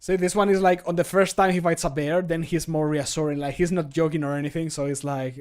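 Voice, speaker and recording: A man's voice: a little high, fairly even intonation, fast, hardly any pauses, smooth. A man streaming casually as he records game voice lines, playful and chatty, laughing often, close to a home microphone. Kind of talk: casual live-stream chat.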